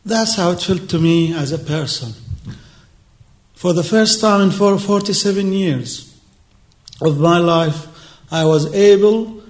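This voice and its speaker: A man in his forties speaks to a panel audience with a voice pitched a little above the usual for a man. His delivery is earnest and emotional, halting now and then and circling back on repeated phrases. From Palestine. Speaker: activist speaker. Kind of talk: public speech on a panel.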